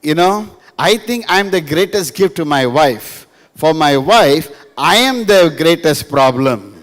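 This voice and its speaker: The speaker is a male pastor giving a live, humorous sermon in a reverberant school hall, full of stories, jokes, and emphatic repetition. His fairly high voice is animated, and his pace is a little slow.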